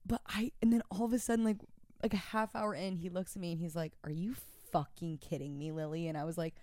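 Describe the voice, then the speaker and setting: A woman's voice: mid-range voice, fast, no room sound, studio quality. A woman in her twenties, co-hosting a podcast, telling a story in casual chat full of "like" and laughter. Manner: storytelling, animated with frequent laughs and "like". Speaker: podcast co-host.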